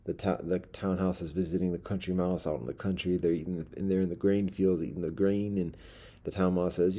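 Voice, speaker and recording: A man's voice: low-pitched, moderate pace, warm tone. A man telling a rambling story in a dim candlelit room, wordy and full of fillers and restarts.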